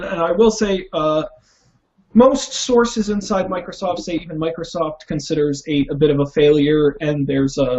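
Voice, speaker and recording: A man's voice: a little high, a little mellow. A man hosting a casual tech podcast, chatty and enthusiastic as he recommends things. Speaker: podcast host. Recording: dull lo-fi audio.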